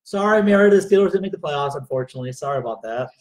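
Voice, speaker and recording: A man's voice: on the high side, lively intonation, very fast, darkish tone. A middle-aged man making brief, dry remarks in a casual live chat. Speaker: co-host, husband.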